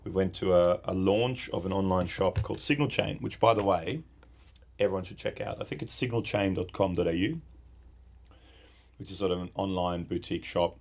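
In a laid-back podcast conversation about guitar pedals, a male co-host rambles, chats, and cracks jokes. He speaks at a moderate pace in a low-pitched voice with vocal fry and a slightly mellow quality.

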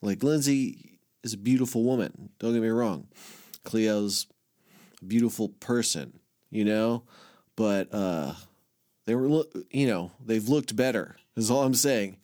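Speaking a little slowly in a lowish, darkish voice, this man rambles through a long personal story on a casual podcast, swearing, using plenty of fillers, and poking fun at himself with a laugh.

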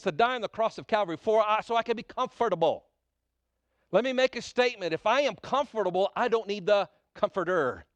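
High-voiced pastor preaching. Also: male voice, dry recording. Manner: emphatic preaching, calls on the congregation to answer. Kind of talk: sermon. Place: church sanctuary.

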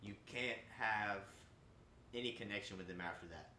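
A man's voice: on the low side, moderate pace, sharp tone, reverberant, a little hiss or hum. A man co-hosting a casual podcast, joking crudely and laughing often. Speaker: podcast co-host. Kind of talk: casual banter.

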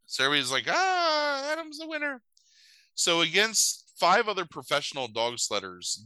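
A man casually retelling a movie plot with crude jokes, jumping into silly high voices for the characters. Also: dry recording, poor audio. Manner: animated, swears a lot, jumps into silly high voices for characters. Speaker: podcast host recapping a movie. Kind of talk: casual comedic chat.

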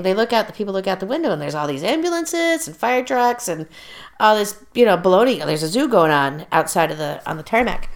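A woman casually retelling a plot, rambling and correcting herself, laughing often and gesturing as she talks. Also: medium pitch. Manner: talks with her hands while telling. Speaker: storyteller in a casual conversation.

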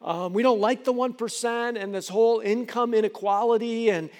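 A man preaching a sermon as pastor, animated and acting out quick dialogues in different voices. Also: very high-pitched, big-room sound. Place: church sanctuary.

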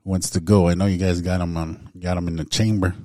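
A man hosting a relaxed show and inviting his guests to share stories. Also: low voice, fast, no room sound, clean studio sound. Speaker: host. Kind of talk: casual podcast hosting.

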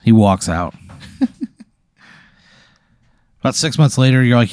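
Mellow-voiced man spinning a hypothetical. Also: medium pitch, slow, dry recording, clean studio sound. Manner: spins a playful hypothetical, deadpan asides. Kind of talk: casual improvised storytelling.

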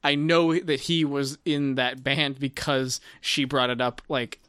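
A man's voice: medium pitch, level tone, a little slow, bright, forceful tone, clear, resonant tone, no echo, clean studio sound. A man in his thirties co-hosting a podcast, chatting casually and rambling with many restarts, fillers and swearing. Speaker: podcast co-host. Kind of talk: casual chat.

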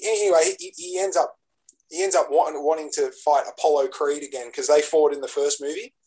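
Man, podcast co-host, excitable storyteller, a touch high-pitched. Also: poor audio. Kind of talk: casual chat.

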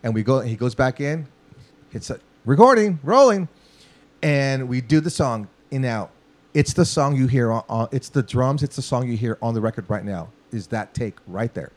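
Male guest from LA, mid-range voice, animated and profane anecdote teller. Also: mid-range voice, normal speed. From Los Angeles, US. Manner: profane, animated, acts out quotes. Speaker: guest musician. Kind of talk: casual storytelling.

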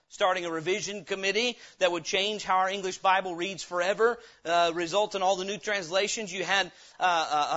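Bright, high-voiced preaching man. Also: dull audio. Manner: emphatic preaching with rhetorical questions to the congregation. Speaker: pastor. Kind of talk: sermon, Bible teaching.

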